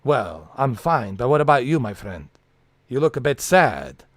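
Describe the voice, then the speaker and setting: A man's voice: mid-range voice, sing-song, unhurried, dry recording. A man quoting a sociable male friend who keeps coaxing "my friend". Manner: warm coaxing repetition of "my friend".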